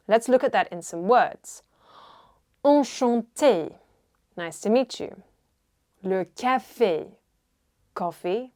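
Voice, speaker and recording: A woman teaching a French lesson at an unhurried, deliberate pace. She models each sound with care, repeating words so learners can follow. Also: mid-range voice, lively intonation, darkish tone. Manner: slow, careful, models pronunciation and repeats words. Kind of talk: language lesson.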